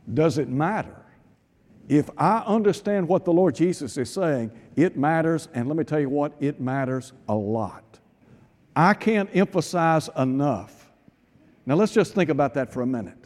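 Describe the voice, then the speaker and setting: Preacher guy on a radio sermon, kinda high voice, super emphatic, lots of questions at the crowd. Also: expressive, measured pace, darkish tone, long reverb tail. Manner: emphatic, full of rhetorical questions.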